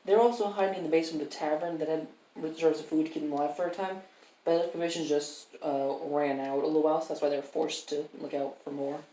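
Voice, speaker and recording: A man's voice: fairly high pitch, fairly even intonation, fast talker, warm tone. A man running a tabletop game as game master, explaining at length and correcting himself as he goes. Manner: rambling, self-correcting explanations. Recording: roomy, distant mic, faint noise.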